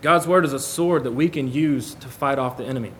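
A man's voice: mid-range voice, a little fast, a bit bright, a little hiss or hum. A man preaching a sermon in church, talking casually with the congregation and reading scripture aloud. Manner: conversational, reads scripture aloud.

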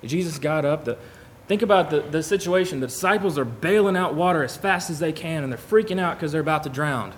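A man's voice: a little high, fairly quick, hardly any pauses, slight background noise. A man preaching a sermon in church, talking casually with the congregation and reading scripture aloud. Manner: conversational, reads scripture aloud.

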